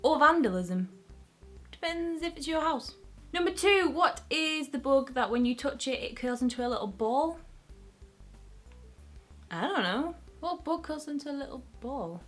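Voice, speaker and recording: A young Northern English woman chats to camera in a casual vlog, her voice sitting a touch high. She thinks aloud and repeats single words to hear them again, with faint music playing softly underneath. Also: animated, unhurried, long pauses. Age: young adult. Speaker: vlogger.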